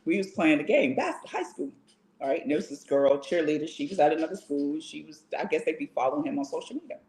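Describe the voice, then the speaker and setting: A woman's voice: sits low, quick pace, reverberant. A woman co-hosting a casual live talk show, telling stories and acting out the voices of others. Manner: animated storyteller, acts out voices. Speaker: podcast co-host. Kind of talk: casual chat.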